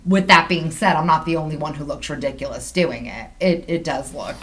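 A woman's voice: sits low, a little fast, a bit bright. A woman hosting a casual podcast chat, reading submissions and hedging as she argues the other side. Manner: hedging, plays devil's advocate. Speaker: podcast host.

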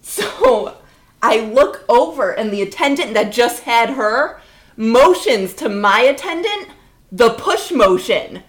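A woman's voice: on the high side, slow. A woman in her twenties telling a funny story in casual chat, acting out the people in it. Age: 20s. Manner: animated storyteller, acts out voices in her stories. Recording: roomy echo.

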